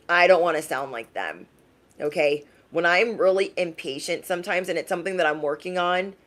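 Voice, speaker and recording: A young adult woman giving a casual livestream tarot reading in a frank, emphatic way, often tagging her points with a quick question. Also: sits low. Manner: emphatic, frank, tags lines with "okay?". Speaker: tarot reader.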